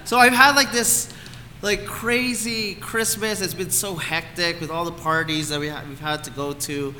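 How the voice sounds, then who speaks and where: A man's voice: fairly high pitch, fairly even intonation, normal speed, bright, forceful tone, big-room sound, a little hiss or hum. A man in his thirties giving a casual, rambling sermon at a church, full of fillers, on a handheld mic. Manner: chatty, rambling, full of likes and ums. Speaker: guest preacher. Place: church hall.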